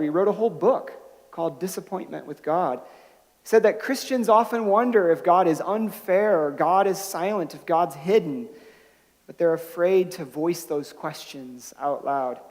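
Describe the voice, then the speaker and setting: A man preaching a sermon as pastor, telling stories in a conversational way with restarts and rising to emphatic bursts on key points. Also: high-pitched. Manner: conversational storytelling with frequent restarts. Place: church sanctuary. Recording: long hall reverb.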